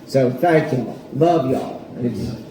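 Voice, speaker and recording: A man gives a heartfelt tribute in a slow, repetitive way. His voice rings in a roomy space. A faint background hum stays under it. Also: medium pitch. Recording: echoey room, faint noise.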